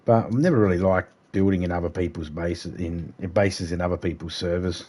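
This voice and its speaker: Aussie guy streaming a game, kinda low voice, rambly and sweary. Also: fairly even intonation, brisk, a little mellow. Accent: Australian. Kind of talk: casual livestream chat.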